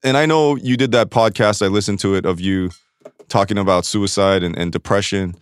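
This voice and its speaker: A man's voice: on the low side, a little fast, clear, resonant tone, no echo, studio quality. A man speaking candidly as a podcast guest, searching for words and swearing freely. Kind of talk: candid conversation.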